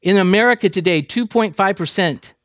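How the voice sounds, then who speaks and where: A man preaching a sermon to seminary students, emphatic and building to near shouts. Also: high voice, fairly quick, no room sound, clean studio sound. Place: chapel addressing seminary students.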